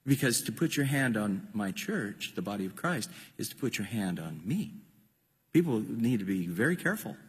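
A man's voice: on the low side, big pitch swings, moderate pace, breathy edge, in a large hall. A man preaching a sermon with impassioned, emphatic delivery, often repeating his words.

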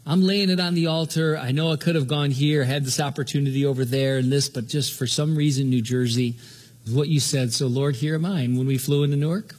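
A man's voice: medium pitch, fairly even intonation, fairly quick, a little mellow. An older man from Southern California preaching a sermon as pastor, in an earnest, conversational way that often stops and restarts mid-sentence.

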